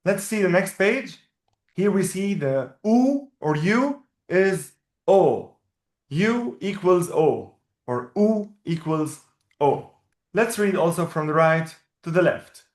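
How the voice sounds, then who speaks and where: Male teacher, slightly high voice, patient and explanatory; echoey room. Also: animated. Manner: patient, explanatory, repeats words slowly. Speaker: Arabic teacher. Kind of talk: one-on-one language lesson.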